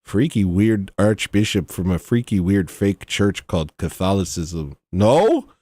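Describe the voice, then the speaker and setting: A tired man hosting a livestream, talking casually in a rambling, mocking, irreverent way with sudden high-pitched outbursts. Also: a little slow, dry recording. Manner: slips into loud high-pitched bursts. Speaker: livestream host.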